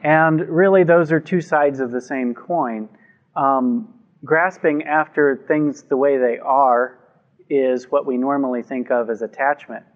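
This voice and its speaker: Slow, calm male meditation teacher. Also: mid-range voice, lo-fi sound. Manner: calm, measured, gently reflective. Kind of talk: dharma talk on meditation. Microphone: microphone before a group.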